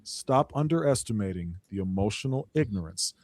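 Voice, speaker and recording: A man's voice: fairly low pitch, animated, normal speed, a little mellow. A man hosting a political commentary panel, emphatic and preachy, with a mocking edge. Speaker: panel host.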